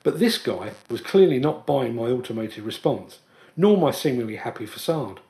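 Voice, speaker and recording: A man hosting a podcast, telling a personal story in an earnest, measured way as a scripted monologue. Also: medium pitch, animated, mellow. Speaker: podcast host.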